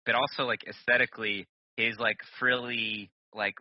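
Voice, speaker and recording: A man's voice: mid-range voice, flat delivery, normal speed, dry recording, lo-fi sound. A man co-hosting a podcast in casual chat, rambling with lots of fillers and casual swearing. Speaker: podcast co-host.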